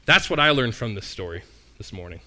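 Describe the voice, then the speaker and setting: A man's voice: lowish voice, lively intonation, a little fast, bright, forceful tone. A man preaching a sermon in a conversational, storytelling way, often asking the listeners questions.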